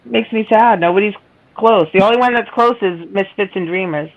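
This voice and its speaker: A chatty woman hosts a stream, teasing her guests and laughing often in casual conversation. Her voice is medium-pitched, nasal and fairly quick, and the recording has its highs cut off.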